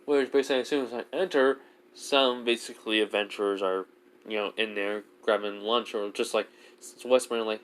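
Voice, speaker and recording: A man's voice: on the low side, steady tone, a little fast, clean tone. A man narrating a self-insert fan story off the cuff, rambling and full of filler words.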